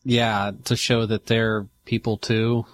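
Male co-host, lowish voice, halting casual chat, dry sound. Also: level tone, no echo. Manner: halting, hesitant with many fillers. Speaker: podcast co-host.

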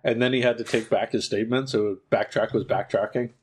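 A man's voice: on the low side, fairly even intonation, fairly quick, darkish tone, slight background noise. A young man co-hosting a casual podcast chat with dry wisecracks. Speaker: podcast co-host.

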